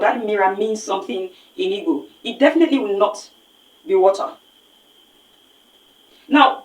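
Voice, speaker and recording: A Nigerian woman teaches pronunciation in an earnest, lecturing way, pressing her points with rhetorical questions. Her voice sits at an ordinary middle pitch. It sounds roomy and echoey, picked up from a distance away from the mic. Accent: Nigerian English. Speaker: phonics teacher. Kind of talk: spoken lesson.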